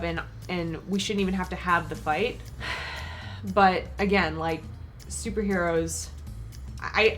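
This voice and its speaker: A woman's voice: lowish voice, fairly bright tone. A woman hosting a reaction video, talking casually and emotionally with lots of restarts. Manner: effusive, emotional, rambling with restarts.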